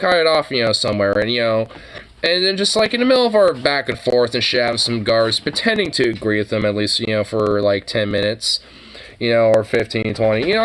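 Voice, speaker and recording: A man's voice: lowish voice, a bit bright, clear, resonant tone, rough recording. A man streaming a reaction to videos, talking in a casual, rambling way that is heavy with fillers, restarts and swearing.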